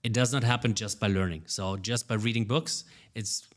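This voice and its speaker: A man with a lowish voice answers interview questions about his work as a public speaking coach. He talks with lively energy and often stumbles over his first words before finding his point. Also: moderate pace. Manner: energetic, animated, repeats words when starting sentences.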